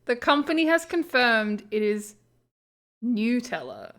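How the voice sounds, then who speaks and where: A woman's voice: fairly high pitch, very animated, slow pace, fairly bright tone. A giggly, self-deprecating woman player chatting casually at a tabletop game.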